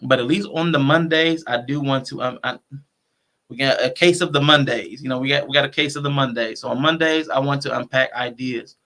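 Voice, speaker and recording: Bright, gravelly livestream host man. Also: medium pitch, a little fast. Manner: conversational, thinking aloud with restarts. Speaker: show host. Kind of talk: casual livestream talk.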